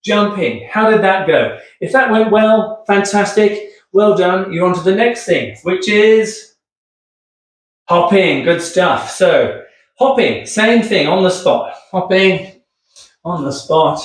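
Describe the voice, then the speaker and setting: A man's voice: high voice, expressive, slow pace. A man demonstrating rehab exercises in an upbeat, chatty way, keeps asking okay, getting out of breath. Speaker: physio instructor. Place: room with hard floor. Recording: echoey room, distant mic.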